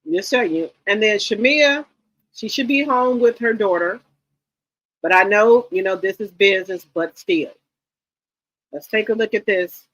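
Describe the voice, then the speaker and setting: A woman's voice: mid-range voice, unhurried, long pauses, fairly bright tone. Blunt woman commentator, lo-fi sound. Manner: blunt, questioning, profane. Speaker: commentator reacting to a reality show. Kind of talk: casual livestream commentary.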